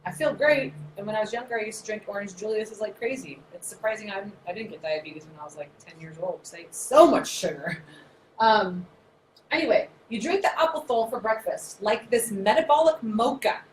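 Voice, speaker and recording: A woman in her thirties, a naturopath, explaining science in a chatty, animated, nerdy way. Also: medium pitch, a little fast. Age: 30s. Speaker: naturopath presenter. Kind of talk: casual explanatory talk. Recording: echoey room, faint noise.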